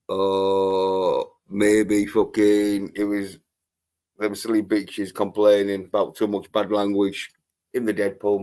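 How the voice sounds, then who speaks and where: A man hosting a livestream, ranting angrily and swearing constantly in a rambling way. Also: lowish voice. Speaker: livestream host. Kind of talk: profane livestream rant.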